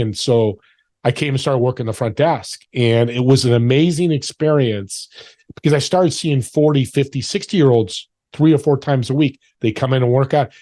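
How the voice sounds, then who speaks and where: A man in his forties or older, a podcast guest telling stories in an animated way and acting out the voices of people he quotes. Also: mid-range voice, moderate pace, no room sound. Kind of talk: storytelling interview talk.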